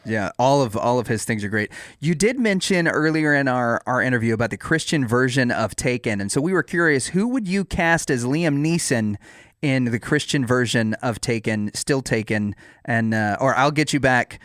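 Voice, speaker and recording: A man's voice: medium pitch, expressive, moderate pace, a bit bright, no echo, clean studio sound. A man co-hosting a podcast, asking playful interview questions and laughing often. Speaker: podcast co-host. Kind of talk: casual interview chat.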